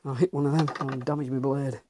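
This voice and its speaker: A man's voice: mid-range voice, little pitch movement, fast talker. A Northern English man who is slightly out of breath, talking bluntly through his woodworking as he works in a workshop. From England. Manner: blunt, mutters while working, occasional mild swearing. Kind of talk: workshop commentary while working. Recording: clear workshop noise behind. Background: planing, rubbing and wood noises.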